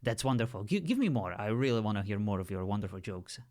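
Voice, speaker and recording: A man chatting with an AI, heaping over-the-top praise in a halting way full of fillers. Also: fairly low pitch, sing-song, a little mellow. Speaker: user testing an AI character. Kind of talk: casual conversation.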